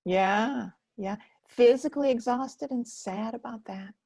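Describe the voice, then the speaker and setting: A woman hosting a live webinar on self-care who talks gently and unhurriedly, reads out comments from the chat, and often drops to a soft near-whisper. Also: fairly high pitch, a little slow, vocal fry, husky, no echo.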